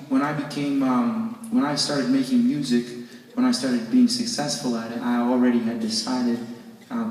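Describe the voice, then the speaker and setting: On a concert hall stage, a man with a mid-range voice jokes casually with the audience and answers their questions, loose and rambling with many restarts. He's far from the mic, and the echoey live recording is full of loud crowd noise.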